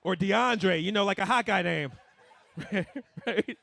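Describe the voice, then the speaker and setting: Animated young stand-up comedian, man. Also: high-pitched, takes it slowly, vocal fry. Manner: animated, swings between mumbling asides and loud punchlines.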